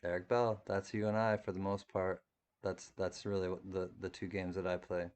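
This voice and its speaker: A man's voice: deep voice, flat delivery, moderate pace, a little mellow, smooth. A man hosting a live stream in a casual, rambling chat, reading viewer comments and laughing often. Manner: rambling, chatty, laughs often, many restarts. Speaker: livestream host reading chat.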